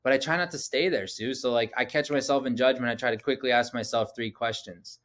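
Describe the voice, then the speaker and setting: Man, thirties, podcast guest, casual storytelling interview, animated, lots of "like" fillers, middle pitch. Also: fairly quick. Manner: animated, acts out quoted dialogue, frequent "like" fillers.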